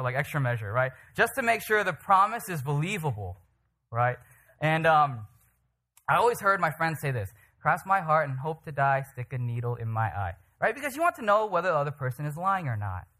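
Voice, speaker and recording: A man preaching a sermon, telling stories in an animated way and often checking in with the listeners. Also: a little high. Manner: animated, checks in with "right?" and "okay?". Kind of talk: sermon with storytelling.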